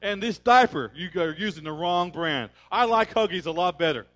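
A man's voice: high voice, expressive, moderate pace, fairly bright tone, soft background music. A man playing a baby who talks like a polite, overly articulate and demanding adult. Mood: fussy, demanding. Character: prim, fussy talking baby boy.

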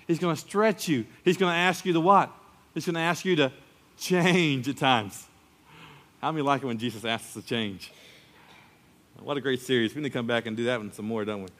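A male pastor preaching a sermon, lively and acting out the people he quotes. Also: on the high side. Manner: animated preaching, acts out quoted voices.

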